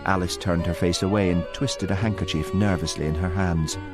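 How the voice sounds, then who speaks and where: A man narrating an audiobook with expressive storytelling. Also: low voice, fairly quick, over music. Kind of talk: scripted narration.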